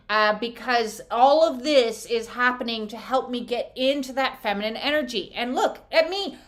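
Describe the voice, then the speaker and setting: Middle-aged woman, oracle card reader, casual and chatty, blunt and salty, slightly higher voice. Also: normal speed, few pauses. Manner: chatty, blunt, swears freely, laughs often. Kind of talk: casual spiritual card reading.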